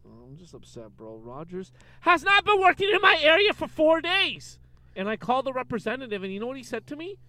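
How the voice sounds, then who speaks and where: A man's voice: extremely high pitch, fairly quick, no room sound. A young man from Canada co-hosting a casual comedy podcast, joking and mocking himself as he riffs with a friend in a car. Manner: animated, joking, self-mocking. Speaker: podcast co-host.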